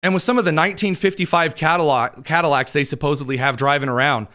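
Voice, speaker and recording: A man's voice: on the high side, pushed and bright. A man hosting a political news show, commenting with sarcastic asides and jokes, his throat a little dry. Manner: wry, quick asides, laughs at own jokes.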